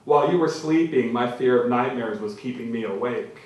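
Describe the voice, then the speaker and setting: A man of middle pitch reads his own prose at a live literary event, measured and dramatic, returning again and again to repeated phrases. His voice comes from a distant mic and rings around a very reverberant hall. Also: darkish tone. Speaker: author reading his own work. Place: literary venue before an audience. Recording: very echoey hall from far off.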